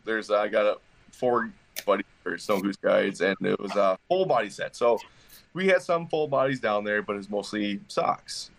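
A man talking in a relaxed podcast chat as a guest hunter, starting sentences over and stumbling through his thoughts. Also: lowish voice, vocal fry, low-quality recording. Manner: halting, frequent restarts and fillers. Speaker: pro staff hunter guest.

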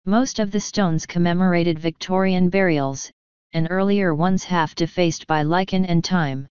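Woman narrator, audiobook reading, very smooth voice, lowish pitch, dull lo-fi dry recording. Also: measured pace, darkish tone, no echo. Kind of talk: scripted narration.

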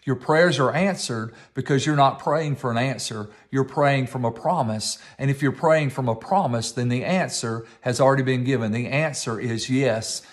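Man preaching an emphatic sermon. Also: medium pitch. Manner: emphatic preaching with repetition and slowed stress. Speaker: pastor.

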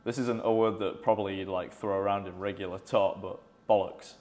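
A man's voice: lowish voice, steady tone, brisk, a little mellow. A young man from the UK, a guest musician chatting casually in slang and laughing often. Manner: laid-back slangy talk, laughs often. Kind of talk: casual interview chat.

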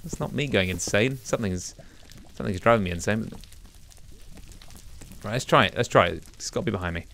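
Young man, let's play commentary, rambling self-talk, animated swooping pitch. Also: fairly quick, long pauses. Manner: chatty, rambling self-talk with sudden excited exclamations. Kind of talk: casual gameplay commentary.

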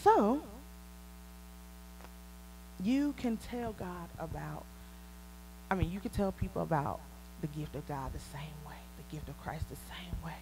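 A woman with a Southern US accent preaching a conversational sermon, laughing often and rising to excited peaks. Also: fairly low pitch, unhurried, pauses often, slight background noise, low-quality recording. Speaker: prophetess preaching.

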